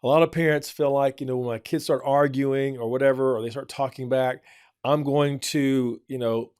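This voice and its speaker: A man's voice: mid-range voice, steady tone, normal speed, a little mellow, smooth, no room sound, clean studio sound. A man on a church program giving earnest parenting advice, often repeating his points for emphasis. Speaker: church family counselor. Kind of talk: advice talk.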